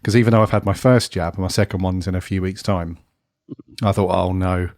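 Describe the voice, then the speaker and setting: Man, croaky head cold, low voice, dry close sound, chatty casual podcast talk. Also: steady tone, fairly quick, darkish tone, dry recording. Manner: chatty, says "mate" a lot. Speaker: podcast co-host. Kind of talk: casual chat.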